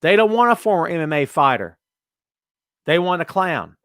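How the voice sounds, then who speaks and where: A man hosting a casual wrestling talk show, reading out viewer comments with sarcastic, animated commentary. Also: on the high side, normal speed, no room sound, clean studio sound. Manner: sarcastic, animated, mocking put-on voices. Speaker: podcast host.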